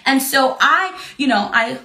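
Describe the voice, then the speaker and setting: High bright-voiced woman doing an earnest bible teaching, echoey room. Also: measured pace. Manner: earnest, expressive, repeats phrases.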